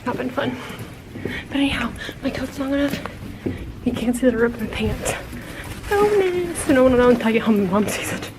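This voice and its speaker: Chatty high-voiced young woman vlogging. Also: lively intonation, fairly quick, long pauses, noisy background. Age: college age. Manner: rambling, chatty, laughs when embarrassed. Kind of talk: casual vlog.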